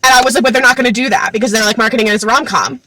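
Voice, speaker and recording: A woman's voice: fairly high pitch, fairly even intonation, very fast, background noise. A young woman in her twenties vlogging in casual chat, gushing and giggly, filling her talk with "like" and "literally", recorded on a phone at arm's length. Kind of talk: casual excited vlog chat.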